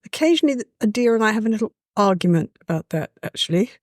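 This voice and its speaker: Woman, lively storyteller, dry sound. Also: mid-range voice, fast, no echo. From England. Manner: lively, warm-hearted, with a frequent "you know". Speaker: guest. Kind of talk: casual conversational storytelling.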